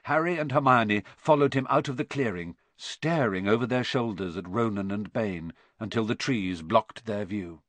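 A man narrating an audiobook in a steady storytelling manner. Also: on the low side, moderate pace, hardly any pauses, no echo. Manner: steady storytelling with lively intonation.

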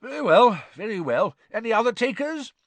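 A man voicing an excitable, burly middle-aged sports official who talks loudly and heartily in an audiobook reading. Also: high-pitched, moderate pace, no room sound, voice pushed up. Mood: hearty. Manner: loud, hearty, bouncy.

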